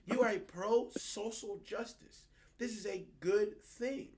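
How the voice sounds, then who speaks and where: A young man co-hosting a podcast in casual political chat, animated and profane, often mocking other people's words. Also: high-pitched, measured pace, over a noisy crowd. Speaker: podcast co-host.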